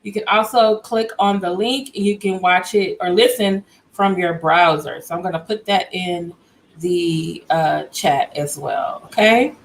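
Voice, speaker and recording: A woman's voice: on the low side, unhurried, slight background noise, poor audio. A woman hosting a casual livestream from home, chatty and greeting viewers by name as they join. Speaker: livestream host.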